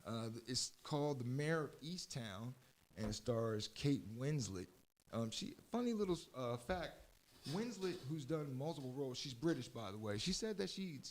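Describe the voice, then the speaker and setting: A man's voice: mid-range voice, animated, normal speed, slight background noise. A man with a Philadelphia-area accent hosts a casual talk radio show, chatting in a loose, rambling way. He keeps stopping to correct himself mid-sentence, and his voice sits in an ordinary middle range. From southeastern Pennsylvania.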